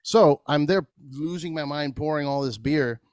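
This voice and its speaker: Laughing, animated man telling stories. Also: normal speed, smooth, dry recording, studio quality. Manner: animated, acts out quotes with big jumps in pitch; swears freely and laughs through his stories. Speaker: podcast guest, craft beer brewer. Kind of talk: casual storytelling chat.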